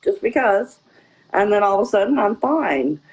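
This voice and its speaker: A woman's voice: mid-range voice, very animated, normal speed, noisy background. A woman telling her own story in a casual interview, rambling with many "you know" fillers. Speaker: guest.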